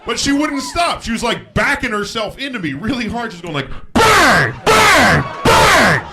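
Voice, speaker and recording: A man doing a stand-up comedy routine on a stage before a live audience, telling frank stories and breaking into shouted impressions. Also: very high-pitched, animated, brisk, a loud crowd, very noisy. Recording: live show with audience laughter. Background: audience laughter.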